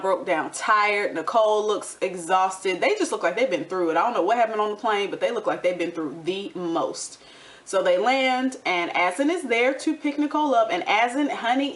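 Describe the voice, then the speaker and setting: A woman's voice: mid-range voice, fairly bright tone. A young woman giving a sassy, gossipy recap of a reality show, with playful quoted asides. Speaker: recap vlogger. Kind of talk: casual TV recap commentary.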